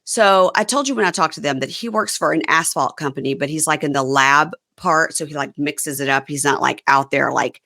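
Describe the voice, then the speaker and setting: A woman's voice: deep voice, a little fast, vocal fry, few pauses, sharp tone. A woman hosting a podcast, chatting casually and rambling through a recap with frequent laughs. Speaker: podcast host.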